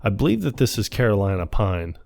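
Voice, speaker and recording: A man's voice: fairly low pitch, sing-song, a little fast, creaky, darkish tone. A man co-hosting a podcast, recapping a film in casual chat, quoting scenes in funny voices and laughing often. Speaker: podcast co-host.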